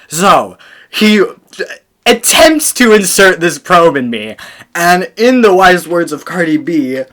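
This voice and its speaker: British man, brightly forceful voice, swearing and laughing through a storytime vlog. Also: high voice, big pitch swings, takes it slowly. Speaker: vlogger.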